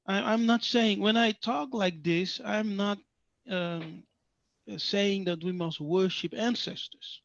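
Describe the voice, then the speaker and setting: A man's voice: high voice, slow pace, vocal fry, a bit bright, no echo. A man teaching a sabbath class, speaking emphatically, repeating phrases and asking rhetorical questions. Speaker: religious teacher. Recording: dull lo-fi sound, dry.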